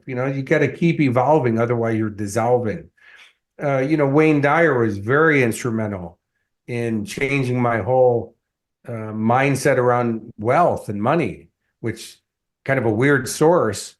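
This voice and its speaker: A man's voice: medium pitch, measured pace. Man telling stories as a coach. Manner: animated storyteller acting out quotes. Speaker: guest, motivational coach. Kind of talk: conversational storytelling interview.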